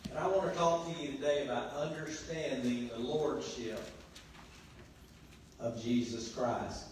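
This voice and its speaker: Pastor preaching in a very echoey hall. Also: male voice, medium pitch, fairly even intonation, a little slow, distant mic, a little hiss or hum. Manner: preaching with call-and-response, swinging between quiet and loud passages. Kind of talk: sermon. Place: church sanctuary. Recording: very echoey church hall, voice from afar.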